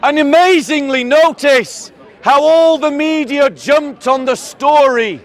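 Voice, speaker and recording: Outdoors, a street preacher with a southern English accent gives a declamatory speech to a crowd, addressing them as ladies and gentlemen. His voice is very high and his delivery slow.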